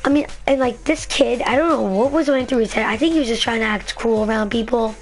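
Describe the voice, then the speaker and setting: Rambling high-voiced woman vlogger. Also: fast, soft background music. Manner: rambling, filler-heavy, excitable storytelling. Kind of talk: casual storytelling vlog.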